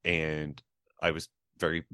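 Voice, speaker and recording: A man with a rumbling low, resonant voice talks slowly and completely flat, his tone sharp and clear. As a podcast co-host, he chats casually about a film with many fillers and restarts. Studio quality, no echo.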